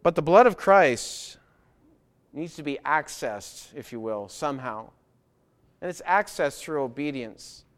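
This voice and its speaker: A man delivers a sermon from a church pulpit, his voice sitting a little on the high side. He is earnest and emphatic, driving his points home by repeating them. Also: expressive, a little slow. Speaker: preacher. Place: church with baptistry.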